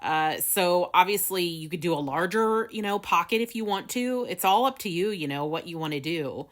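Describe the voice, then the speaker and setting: A woman's voice: on the low side, expressive, moderate pace. A woman hosting a casual paper craft tutorial, chatty, with frequent laughs and fillers. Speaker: craft video host.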